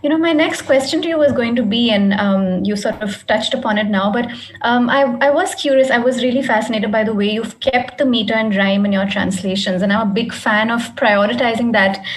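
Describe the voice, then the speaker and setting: A woman's voice: fairly high pitch, brisk, a little hiss or hum, rough recording. A woman interviewing a guest author at a festival, asking earnest, searching questions. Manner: earnest, searching, tentative phrasing.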